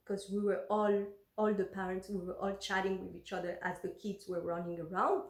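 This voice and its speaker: A woman's voice: fairly high pitch, roomy sound. A woman telling a personal story in a casual, emotional way, with many fillers and restarts.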